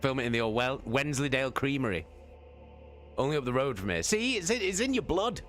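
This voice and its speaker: A man's voice: medium pitch, sing-song, a little fast, a bit bright, soft background music. A man rambling jokily and swearing as a streamer chats on a live stream. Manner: rambling, jokey, swears a lot. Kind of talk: casual live-stream chat.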